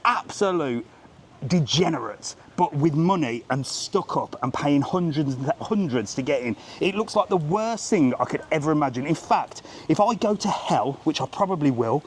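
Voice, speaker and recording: A man's voice: on the high side, lively intonation, normal speed. A British man livestreaming a travel vlog as he walks a resort strip, ranting bluntly and swearing casually while greeting people. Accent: British English. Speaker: travel vlogger. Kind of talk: live street walk-and-talk vlog. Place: outdoors on a busy resort strip. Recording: faint street noise behind the voice.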